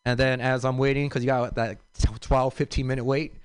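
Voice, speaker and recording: Young LA comic, loose and rambling stand-up, smooth voice a touch high, dry close sound. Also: male voice, level tone, a little fast, no room sound. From South Central Los Angeles. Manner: loose, rambling delivery with many fillers and asides. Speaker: stand-up comedian. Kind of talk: stand-up comedy set.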